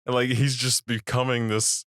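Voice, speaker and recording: A man's voice: mid-range voice, little pitch movement, normal speed, a bit bright, clear, resonant tone, no room sound, clean studio sound. A man co-hosting a movie podcast, chatting casually, giggling often and swearing freely. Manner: giggly, profane, frequent laughter. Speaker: podcast co-host.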